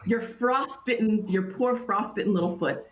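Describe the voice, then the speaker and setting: A woman's voice: mid-range voice, normal speed. A woman narrating a tabletop game as game master, apologetic and laughing at herself. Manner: apologetic, laughing, self-deprecating. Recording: roomy echo, faint noise.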